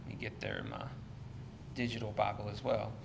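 A man's voice: lowish voice, level tone, a little fast, gravelly. A man teaching an evening Bible study in a conversational way, with many fillers and restarts. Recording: echoey room with faint noise.

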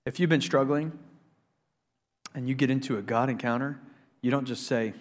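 A male pastor preaching a sermon in a church, swinging between loud, excited preaching and hushed intensity, emphatic and repetitive. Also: mid-range voice, a little fast, long pauses. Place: church sanctuary. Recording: long reverb of a large hall.

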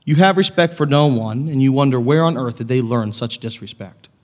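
A man preaching a sermon as pastor, earnest, moving between quiet reflection and raised, impassioned passages. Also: medium pitch, a little fast, big-room sound. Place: church sanctuary.

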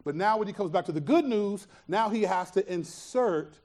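A male pastor preaching a sermon, earnest and emphatic, asking rhetorical questions and dropping to a hush for reflective points. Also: sits high, lively intonation, moderate pace.

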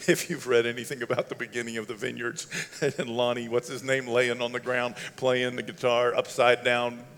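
A pastor preaching a holiday sermon. He talks in a conversational way, laughs between lines and sometimes builds to loud shouting. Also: mid-range voice. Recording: long hall reverb.

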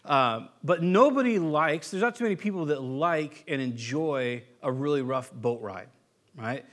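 A man's voice: on the high side, animated, measured pace, fairly bright tone. An American man preaching a sermon, telling stories in a conversational way and often restarting his sentences. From United States. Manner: conversational storytelling with frequent restarts. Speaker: pastor.

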